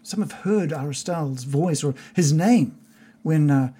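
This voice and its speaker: A man voicing Darius, a calm, solemn townsman who speaks softly and haltingly. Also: a little high, husky. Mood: earnest.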